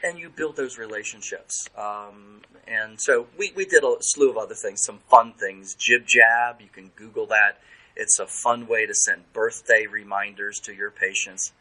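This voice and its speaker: Brief: male guest consultant, casual podcast talk, bright forward voice, animated quoted asides. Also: fairly low pitch, measured pace, rough recording. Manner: lively, acts out phone calls in quoted voices.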